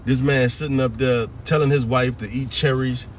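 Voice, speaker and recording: A man's voice: medium pitch, steady tone, moderate pace, slight background noise. A man giving a ranting, preachy commentary monologue that mixes in profanity and keeps asking whether the listener hears him. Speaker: religious commentary vlogger.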